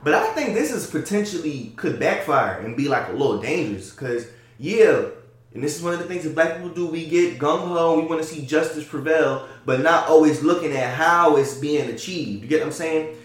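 A man in casual debate chat, talking in an animated, conversational way and often checking in with his listener. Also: a little high, normal speed. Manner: animated, conversational, often asks "you get what I'm saying?". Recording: very echoey room.

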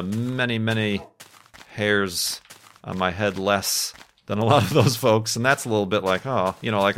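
A man in his thirties talks loosely while he plays, wandering from thought to thought and laughing at himself. His voice sits on the low side, and a faint hiss runs under the recording. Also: fairly bright tone. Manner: rambling, self-deprecating, laughs often. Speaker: gaming YouTuber. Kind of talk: casual chat over gameplay.

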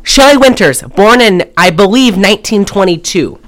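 A woman's voice: mid-range voice, lively intonation, normal speed, faint music behind. A woman co-hosting a podcast, retelling a movie in a loose, rambling way full of fillers. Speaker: podcast co-host. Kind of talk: casual movie recap chat.

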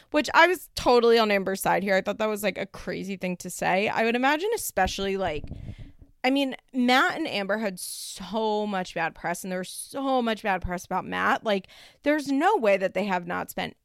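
A woman's voice: medium pitch, expressive, normal speed, creaky, dry recording, clean studio sound. A young woman casually recapping a reality show with lots of "like" and swearing, and she acts out the quotes. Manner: rambling and profane, heavy use of "like", acts out quotes.

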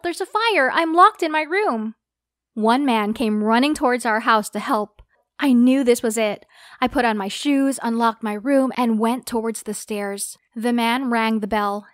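A woman's voice: fairly high pitch, no room sound, studio quality. Woman narrating a dramatic first-person story.

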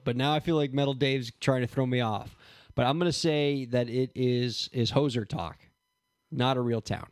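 A man's voice: mid-range voice, fairly even intonation, normal speed, no room sound, clean studio sound. A man hosting a podcast, good-natured and often laughing as he plays the straight man in casual banter. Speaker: podcast host.

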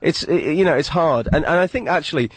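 British comedian, dry close studio sound. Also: male voice, on the high side, a little fast, husky, no room sound. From Britain. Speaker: guest comedian. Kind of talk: casual radio interview chat.

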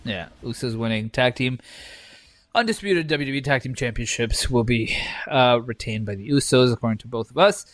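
A man co-hosting a casual wrestling chat, excitable and animated, acting out his own reactions and swearing freely. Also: medium pitch, normal speed, dry recording. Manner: excitable, acts out reactions with shouted quotes. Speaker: podcast co-host.

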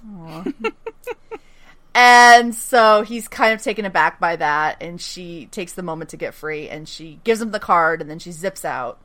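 A woman's voice: lowish voice, expressive, unhurried, bright, forceful tone. A woman co-hosting a casual rewatch podcast, chatty, swearing freely and laughing often as she recaps scenes. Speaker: podcast co-host recapping episodes.

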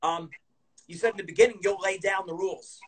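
A man's voice: sits high, steady tone, fairly quick, husky, rough recording. A man hosting a casual interview, eagerly reflecting the guest's points back and stressing their value. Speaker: podcast host.

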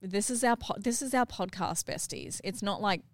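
A middle-aged woman hosting a family podcast, animated and laughing as she retells a family story. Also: mid-range voice, normal speed, dry recording, studio quality. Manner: animated, acts out what others said, laughs while telling. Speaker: podcast host and mother.

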